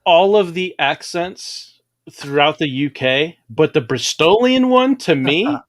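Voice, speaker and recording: A man hosting a casual comics podcast, reading viewer comments and answering in a measured way with frequent ums. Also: on the high side, expressive. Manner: measured, hesitant with ums and uhs. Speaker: podcast host reading chat.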